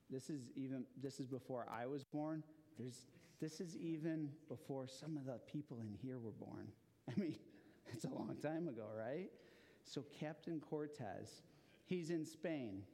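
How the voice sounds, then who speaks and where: A man's voice: fairly high pitch, dark tone. A man preaching to a gathered group, telling a story in a playful, conversational way with frequent rhetorical check-ins. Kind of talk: storytelling sermon. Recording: long hall reverb.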